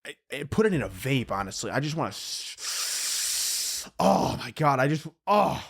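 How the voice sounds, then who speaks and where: A man's voice: medium pitch, big pitch swings, measured pace, vocal fry, a bit bright, slightly rough. A young man hosting a solo podcast, rambling and cutting himself off, laughing at his own jokes. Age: young adult. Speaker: podcast host.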